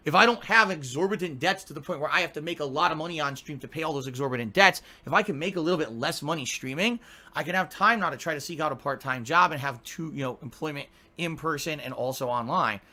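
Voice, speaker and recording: A man's voice: on the high side, quick pace, pushed and bright. A man in his forties, a streamer, talking on his podcast in an aggrieved, defensive and profane way. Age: 40s. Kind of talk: podcast rant.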